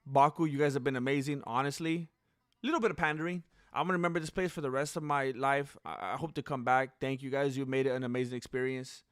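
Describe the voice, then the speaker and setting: A fighter giving a post-fight interview, calm, measured and gracious. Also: male voice, medium pitch, smooth, no echo, studio quality.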